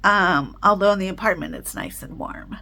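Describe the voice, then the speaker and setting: A woman's voice: mid-range voice, moderate pace, gravelly. A woman vlogging in casual chat from her apartment, rambling with lots of fillers and little laughs, slightly congested and talking around a cough drop. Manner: rambling, chatty, with many fillers and soft laughs.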